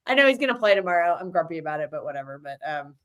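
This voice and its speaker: A woman's voice: fairly low pitch, very animated, racing, fairly bright tone. A woman co-hosting a casual streamed football chat, ranting in a frustrated, rambling way. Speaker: co-host.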